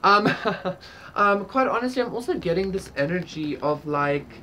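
Low-voiced rambling tarot reader woman. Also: expressive, normal speed, bright, forceful tone, slight background noise. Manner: rambling, frequent fillers, swears casually, laughs. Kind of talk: casual spiritual reading to camera.

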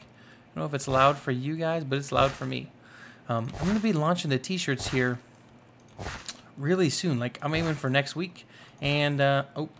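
Young male gaming host, chatty and easily hyped, slightly high voice, faint hiss. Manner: excitable, rambling, full of fillers. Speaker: gaming YouTuber. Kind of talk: casual Minecraft let's play commentary.

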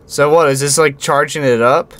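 A young man playing a horror game and commenting as he goes, reading on-screen text aloud in a slow low voice and yelping and shouting at the scares. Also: steady tone. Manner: jumpy, yelps and shouts at scares. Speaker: gaming YouTuber.

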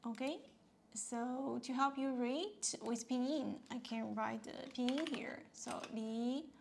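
A woman teaching a language lesson in a slow, unhurried way, with a slightly high voice that has a gravelly fry to it. She patiently repeats each word and tone, dropping in "yeah" and "okay" as she goes. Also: a little hiss or hum. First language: Mandarin Chinese. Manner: patient, repeats words and tones many times, fills with "yeah" and "okay".

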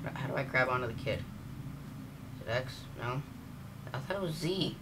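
A man's voice: mid-range voice, animated, brisk, heavy background noise. A young man doing casual gameplay commentary, swearing and blowing up at a frustrating game. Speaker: gaming YouTuber.

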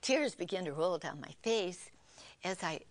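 A woman's voice: lowish voice, expressive, unhurried. An older woman co-hosting a Christian television program, giving a heartfelt personal testimony and often dropping to an unvoiced whisper.

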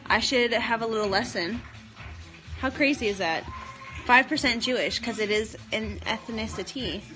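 A woman's voice: a little high, moderate pace, pushed and bright, soft background music. A young woman chatting casually on a live-stream Q&A from home into a phone held at arm's length, giggling and swearing as she reacts. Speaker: reality TV personality hosting a live Q&A.

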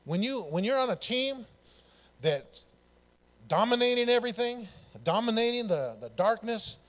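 A man preaching a church sermon, telling personal stories in an animated way and acting out the dialogue. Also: very high-pitched, normal speed. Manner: animated, loud bursts, laughing, acts out dialogue. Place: church sanctuary.

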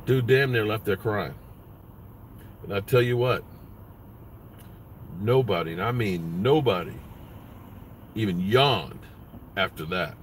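A man's voice: lowish voice, lively intonation, takes it slowly, pauses often, a little hiss or hum. A man hosting a sports vlog, ranting bluntly with lots of profanity. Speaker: sports vlogger.

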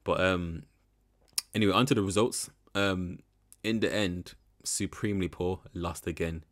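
A man's voice: deep voice, unhurried. A young man giving rambling, frank commentary in a casual reaction video. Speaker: reaction channel host.

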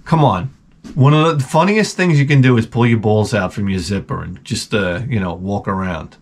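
A man's voice: lowish voice, normal speed, a little hiss or hum. A middle-aged man from Long Island, telling a rambling, profane, sardonic story as a vlog host. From Long Island, New York. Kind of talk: casual rambling monologue.

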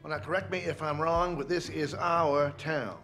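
An actor playing a stubborn small-town police captain who talks in a slow, folksy drawl full of homespun sayings. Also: male voice, on the high side, fairly even intonation, fairly bright tone, faint music behind. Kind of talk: film dialogue.

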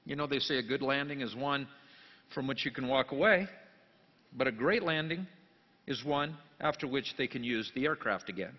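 A pastor giving a jokey sermon, dropping to quiet asides and then rising into loud, emphatic bursts. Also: male voice, mid-range voice, normal speed. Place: church sanctuary. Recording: long church reverb, dull lo-fi sound.

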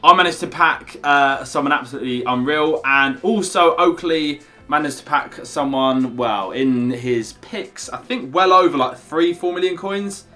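A man's voice: fairly high pitch, unhurried, hardly any pauses, pushed and bright. A young man hosting a gaming video, chatty and upbeat, often calling his co-host "mate". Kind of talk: casual gaming video commentary.

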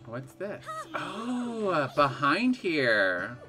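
A man giving excitable live gameplay commentary, gasping and laughing as he reacts to the game. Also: fairly high pitch, extremely slow, music in the background. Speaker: game streamer.

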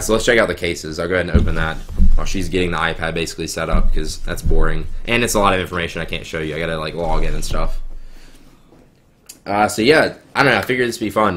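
A young man with a Southern US accent, a little sick, rambling excitedly through a live unboxing at home. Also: deep voice, fast talker. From American South. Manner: rambling, filler-heavy, excitable. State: sick, coughing. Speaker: YouTuber. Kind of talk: live-streamed unboxing chat. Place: home room, girlfriend nearby. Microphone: webcam.

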